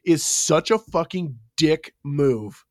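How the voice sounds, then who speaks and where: A man co-host in relaxed conversation, his voice a touch high for a man and recorded dry and close. He laughs between remarks and throws in casual swearing. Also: no echo. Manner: laughing, swears freely, quick asides. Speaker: podcast co-host. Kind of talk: casual film discussion chat.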